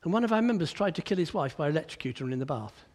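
A man preaching a sermon, animated, climbing to emphatic peaks and then dropping low and quiet, often repeating words as he starts a sentence. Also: rapid-fire.

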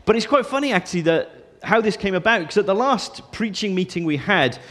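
A man preaching a sermon, his voice sitting fairly high for a man. He talks to the congregation in a relaxed, conversational way, often pausing with ums and little restarts. He sounds like he is in his thirties. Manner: conversational, warm and self-deprecating, with frequent ums. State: deaf in his left ear this morning.

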